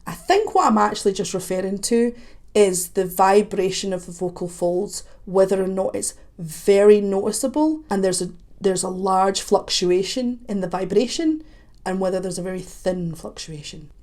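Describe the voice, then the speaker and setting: A woman commenting on a song as a vocal coach, chatty and analytical, with quick asides. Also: mid-range voice, darkish tone. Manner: analytical, breaks off to sing snippets. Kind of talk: reaction video commentary.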